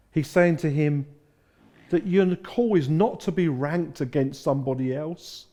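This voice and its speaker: A man's voice: on the high side, dark tone, muffled recording. A middle-aged man from England preaching a sermon, telling stories and acting out the quotes. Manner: storytelling with acted-out quotes. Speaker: pastor.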